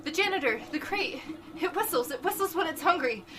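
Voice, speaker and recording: A woman voicing a frantic male professor who shouts breathlessly after a monster attack. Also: very high voice, lively intonation, brisk, far from the mic, voice pushed up.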